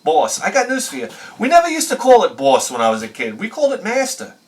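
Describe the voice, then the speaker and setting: A man hosting a retro game video, telling rambling stories in an animated, profane way and laughing at his own jokes. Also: sits high, fast talker, far from the mic, noisy background. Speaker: retro game channel host. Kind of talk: rambling storytelling review.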